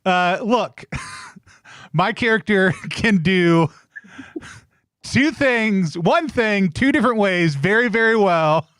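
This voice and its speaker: A man's voice: high-pitched, expressive, slow pace, long pauses, a bit bright, smooth, dry recording, studio quality. A man playing a tabletop role-playing game, describing his character's actions in a rambling, laughing way. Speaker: player. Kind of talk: casual tabletop game play.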